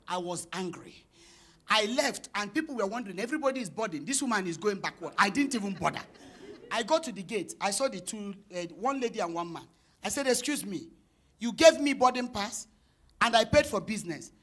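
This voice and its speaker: A woman pastor preaching a sermon, telling a personal story and acting out the dialogue, building up to shouted declarations. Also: mid-range voice, animated, fairly quick, husky. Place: church conference hall.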